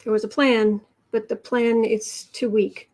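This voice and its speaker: A woman hosting a live tarot reading, musing aloud over the cards and answering chat in halting, drawn-out phrases. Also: on the high side, flat delivery, a little mellow. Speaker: tarot reader and channel host.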